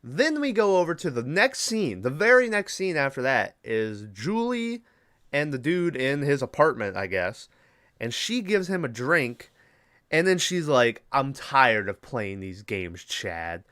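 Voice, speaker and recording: Smooth-voiced man rambling through a recap. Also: fairly high pitch, big pitch swings, unhurried, a bit bright, no room sound, clean studio sound. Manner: rambling and profane, with many fillers. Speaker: podcast host. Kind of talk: casual movie recap.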